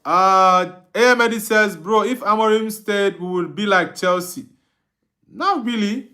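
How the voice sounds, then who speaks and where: Bright-voiced Nigerian man streaming football. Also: high voice, expressive, takes it slowly, pauses often. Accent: Nigerian Igbo English. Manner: reads viewer comments aloud and answers them, laughs often. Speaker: football watch-along streamer. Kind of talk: live stream chat reading.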